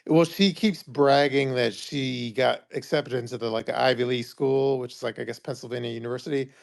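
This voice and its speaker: Gravelly man in casual chat. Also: mid-range voice, steady tone, fairly quick. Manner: hesitant, many fillers and restarts. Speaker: podcast co-host.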